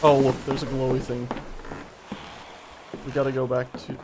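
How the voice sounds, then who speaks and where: A man's voice: medium pitch, little pitch movement, moderate pace. A man streaming a game, giving chatty, reactive commentary and swearing when startled. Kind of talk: gameplay commentary. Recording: noisy stream audio.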